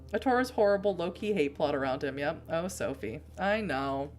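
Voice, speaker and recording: A woman's voice: low voice, animated, moderate pace, few pauses, faint music behind. A woman from Boston, a streamer, chatting casually with rambling asides while reading a game aloud. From Boston, USA.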